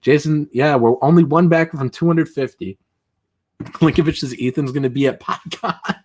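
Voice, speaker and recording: A man's voice: on the high side, moderate pace, a little mellow. Chatty man with a raised voice. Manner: rambling and chatty, many fillers and chuckles. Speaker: livestream host. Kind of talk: casual livestream chat.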